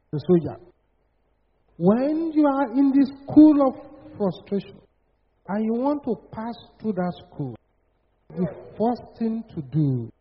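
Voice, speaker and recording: A man delivering a sermon with a husky, high-pitched voice. He preaches in a declamatory way and builds into loud, repetitive prophetic chants. The recording sounds dull and lo-fi.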